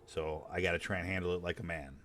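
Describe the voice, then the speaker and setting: Low-voiced guy streaming a game, rambly and laid back, swears a lot. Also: fairly even intonation, fast, a bit bright, a little hiss or hum. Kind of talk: casual chat while gaming.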